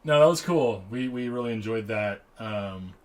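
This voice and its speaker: A man's voice: lowish voice, animated, moderate pace. A man co-hosting a podcast in easygoing casual chat, often trailing off into fillers and repeated words. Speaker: podcast co-host.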